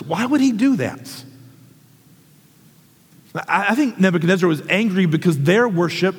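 A man's voice: sits high, animated, moderate pace, husky. A man preaching a sermon in an earnest, emphatic way, asking rhetorical questions. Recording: echoey hall reverb.

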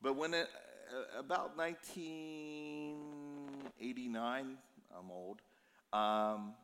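A man's voice: mid-range voice, takes it slowly. A man in his fifties, a pastor preaching a sermon, telling stories in a conversational way and sounding tired. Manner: conversational storytelling, animated and emotional in places. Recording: long reverb of a church hall.

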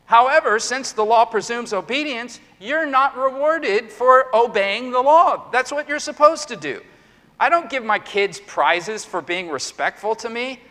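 A man's voice: very high-pitched, lively intonation, measured pace, bright, forceful tone. A middle-aged male pastor preaching an earnest sermon, full of emphatic rhetorical questions. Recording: long hall reverb.

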